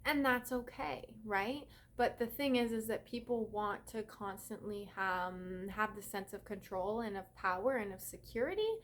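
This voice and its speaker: A woman's voice: medium pitch, moderate pace, few pauses, fairly bright tone, a little hiss or hum. Chatty woman giving a casual spiritual talk. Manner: chatty, peppers speech with "right?" and "okay?"; earnest, mildly profane. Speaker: spiritual reader and yoga teacher.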